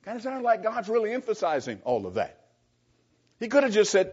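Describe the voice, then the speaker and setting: Male pastor teaching a Bible class, earnest and emphatic, husky, on a dull lo-fi recording. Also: high-pitched, huge pitch swings, normal speed, darkish tone.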